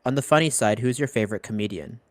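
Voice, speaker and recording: A man's voice: medium pitch, fast talker, no room sound, studio quality. A young man hosting a Q&A, reading audience questions aloud and adding short comments. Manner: reads questions aloud, then adds brief comments.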